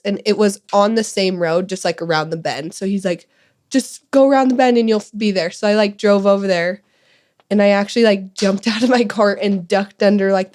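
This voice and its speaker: A young woman, a guest, retelling a painful event with many fillers in a rushed, emotional way. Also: mid-range voice, a little mellow. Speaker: podcast guest, older sister. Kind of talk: emotional storytelling.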